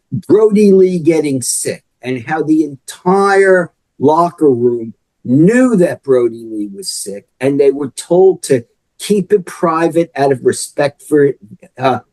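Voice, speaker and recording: A man's voice: a little high, warm tone, no room sound, low-quality recording. A man, an author and wrestling historian, talking as a guest on a podcast in a chatty, explanatory way. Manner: chatty, explanatory, with frequent "you know". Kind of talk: podcast interview.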